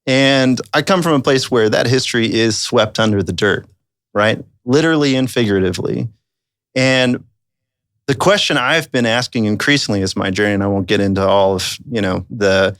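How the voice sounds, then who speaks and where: A man's voice: mid-range voice, fairly bright tone, dry recording, clean studio sound. A man who grew up in rural Texas, a podcast guest telling his story in a thoughtful, earnest way. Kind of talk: reflective conversational storytelling.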